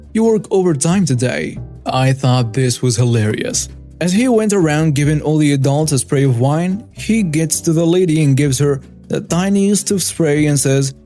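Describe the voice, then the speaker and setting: A man narrating a first-person story from a script, his voice pitched a little high for a man but dark and mellow in tone. He keeps an even, steady storytelling pace throughout, with soft music playing faintly behind him.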